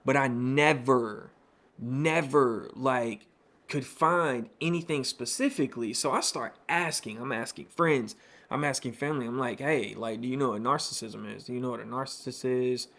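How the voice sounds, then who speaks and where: A man in early adulthood recounts his own experience as host of a personal podcast. He talks in a loose, candid way, full of fillers and asides. His voice sits at a middling pitch. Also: moderate pace, gravelly, a bit bright. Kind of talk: personal storytelling monologue.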